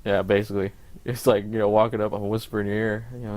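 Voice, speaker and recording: A man's voice: on the low side, little pitch movement, fast, a little mellow. A young man co-hosting a podcast in casual chat, rambling with lots of fillers and restarts. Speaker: podcast co-host.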